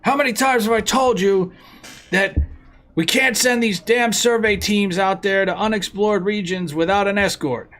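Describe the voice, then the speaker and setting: A man voicing an angry commander who shouts and swears into a communicator. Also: high-pitched, normal speed, faint music behind, voice pushed up. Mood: furious. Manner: loud, swearing, barking.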